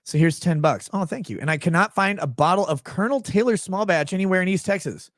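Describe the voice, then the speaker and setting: A man's voice: sits high, lively intonation, fast, fairly bright tone, no echo, studio quality. A young man from Minnesota hosting a livestream, rambling and crude as he jokes and reads out viewer messages. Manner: rambling, crude and joking, with frequent fillers. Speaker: livestream host. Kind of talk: casual livestream chat reading super chats.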